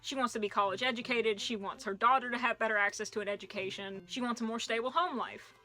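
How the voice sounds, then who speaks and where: Bright, chatty young woman reviewing books. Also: fairly high pitch, fairly even intonation, fast, soft background music. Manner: chatty and jokey, with puns and asides. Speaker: book reviewer. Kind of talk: casual book review vlog.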